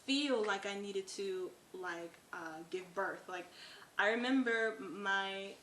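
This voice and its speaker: Brief: young woman, bright and slightly high voice, halting earnest storytelling, echoey room. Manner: earnest, halting, with frequent fillers. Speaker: co-host, new mother. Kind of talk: casual personal storytelling. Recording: echoey room with faint noise.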